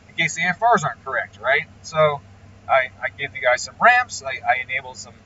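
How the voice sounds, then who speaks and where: An engine tuner rants and explains his work in a casual vlog, blunt and freely profane. His mid-range voice is expressive, brisk and sharp. The mic is distant, giving a muffled recording with slight background noise.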